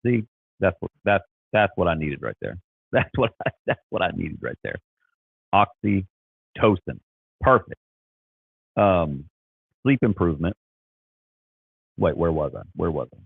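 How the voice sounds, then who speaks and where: A man's voice: deep voice, big pitch swings, normal speed, creaky, long pauses, breathy edge, no echo, narrow, tinny audio. A man talking as a Christian life coach, earnest and encouraging, often repeating and restarting his words. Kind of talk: casual motivational talk.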